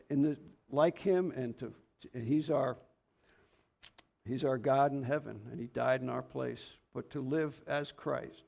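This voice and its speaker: A man's voice: mid-range voice, creaky, a little mellow. A man giving an informal, rambling sermon in a folksy, anecdotal way, reading scripture aloud. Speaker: lay preacher.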